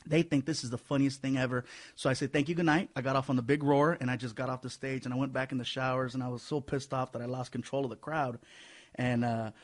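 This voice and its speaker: A man, a comedian being interviewed, telling stories in an animated, fast-talking way. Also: medium pitch. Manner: animated, fast-talking storyteller with lots of laughs. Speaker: comedian guest. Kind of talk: storytelling interview.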